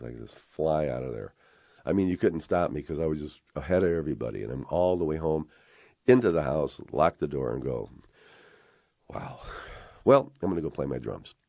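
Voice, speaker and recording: An older man spins a long, rambling yarn from his boyhood, full of "uh" and "you know" and his past thoughts voiced aloud. His voice sits extremely low, dark and gravelly. It is caught close up in a dry, dead room. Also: no echo. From Chicago area. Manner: rambling, full of fillers and acted-out inner thoughts. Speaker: interviewee telling his life story. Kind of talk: casual storytelling.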